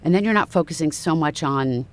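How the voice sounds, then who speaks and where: Animated woman voice actor chatting. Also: deep voice, fairly quick. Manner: animated storyteller who slips into character voices. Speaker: voice actress guest. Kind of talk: casual interview chat.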